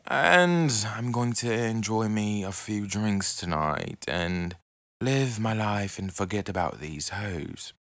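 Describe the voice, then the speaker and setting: A man hosting his own podcast, ranting unfiltered and profane, swinging between loud outbursts and quiet asides. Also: fairly low pitch, expressive, takes it slowly, dry recording, clean studio sound. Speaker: podcast host. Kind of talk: unfiltered solo rant.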